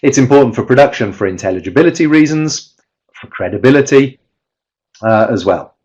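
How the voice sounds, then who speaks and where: Over a video call, a man with a mid-range, husky, slightly mellow voice gives a webinar lecture on teaching pronunciation. He speaks fairly quickly and expressively but hesitantly, with many fillers and restarts. The webinar audio sounds a bit dull.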